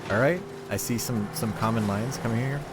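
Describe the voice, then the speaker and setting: A man's voice: medium pitch, fairly quick, noisy background. A man streaming a shooter game, rambling in casual chat, swearing freely, with a neutral accent. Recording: loud gunfire from the game behind voice.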